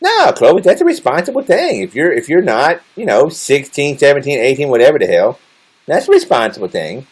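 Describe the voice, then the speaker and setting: A man's voice: a little high, very animated, a little fast, breathy edge. Guy streaming live, crude teasing jokes with chat, voice jumps all over the place. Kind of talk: casual livestream chat with viewers.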